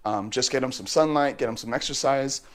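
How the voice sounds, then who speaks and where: A man casually narrating his daily routine with his pet bird at home, and now and then talking to the bird in a high, sing-song voice. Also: a little fast, fairly bright tone. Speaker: bird owner vlogger. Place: at home in an apartment.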